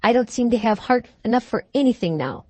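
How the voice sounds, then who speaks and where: A woman voicing a timid teenage daughter who speaks softly and falters near tears, in a storybook reading. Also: a little high, expressive, a little fast, dry recording. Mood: tearful. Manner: faltering, soft-spoken. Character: tearful gentle teenage girl, timid daughter.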